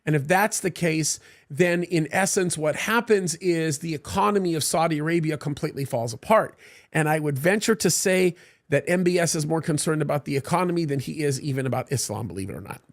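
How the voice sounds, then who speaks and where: A man's voice: fairly high pitch, fairly quick. A man, a pastor, breaking in to explain points earnestly to his congregation, with some fillers. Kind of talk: sermon interjection. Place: church service.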